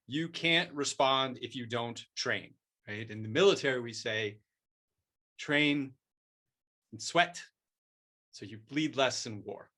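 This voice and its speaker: A man playing a self-styled martial arts master in an improvised comic bit, speaking in a measured, mock-solemn tone. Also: medium pitch, pushed and bright. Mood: lecturing. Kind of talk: improvised comic role-play.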